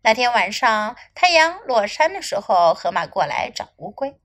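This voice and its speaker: A woman English teacher reading a children's story aloud, line by line, in a slow and clear storytelling manner. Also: fairly high pitch, big pitch swings, a bit bright.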